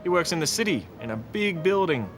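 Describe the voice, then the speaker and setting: A man with an Australian accent, presenting a children's TV show, narrating clearly and playfully for young children. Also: a little high, sing-song, fairly quick, a bit bright, faint music behind. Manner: clear, simple and playful, makes animal and car noises. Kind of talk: slow, gentle storytelling narration for young children.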